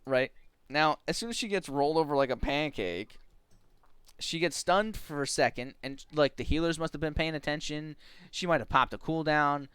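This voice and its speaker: A streamer telling a funny story from a game in an animated style, often laughing and acting out quotes. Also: mid-range voice, moderate pace, clear, resonant tone, no echo. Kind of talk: casual storytelling on a live stream.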